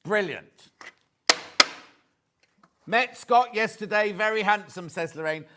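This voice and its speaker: Chatty British TV sales host. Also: male voice, high voice, takes it slowly, sharp tone. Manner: chatty, repeats words, reads out viewer messages. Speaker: shopping channel presenter. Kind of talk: live sales presenting.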